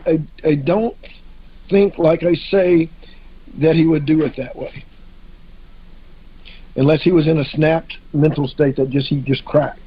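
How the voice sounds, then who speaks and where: Husky man, muffled lo-fi audio. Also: a little high. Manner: hesitant, frequent fillers and restarts. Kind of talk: casual podcast discussion.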